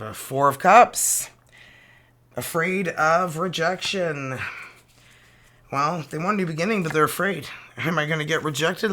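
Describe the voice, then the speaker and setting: Bright, playful Canadian tarot reader. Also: medium pitch. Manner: playful and exclamatory, drops in French card names. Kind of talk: casual tarot reading.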